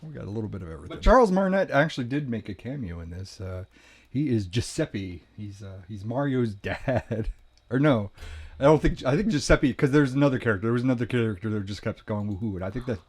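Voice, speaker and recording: A man's voice: medium pitch, lively intonation, quick pace, a little mellow, breathy edge. A man hosting a podcast, chatting casually, rambling and correcting himself, laughing often. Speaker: podcast host. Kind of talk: casual chat.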